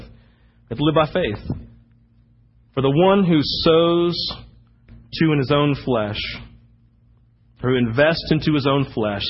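A man preaching as the pastor, telling animated stories with sudden loud bursts. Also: mid-range voice, husky, dull audio. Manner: animated storytelling, acting out anecdotes with sudden shouts. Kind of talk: sermon.

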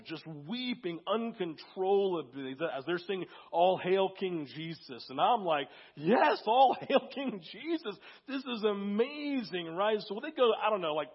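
A man's voice: a little high, breathy edge, highs cut off. A man preaching a conversational sermon, telling a story and acting out quotes, a little sick that day. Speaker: pastor.

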